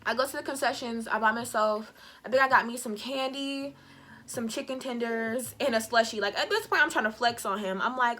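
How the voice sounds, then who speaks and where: A woman vlogger retelling a bad date in a casual storytime, animated and sassy, acting out the dialogue. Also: fairly high pitch, brisk. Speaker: beauty vlogger.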